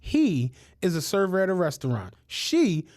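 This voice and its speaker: A man co-hosting a podcast, telling stories in casual chat, animated and full of swearing and laughter. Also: sits high, normal speed. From United States. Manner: animated storytelling, swears a lot, laughs often. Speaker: podcast co-host.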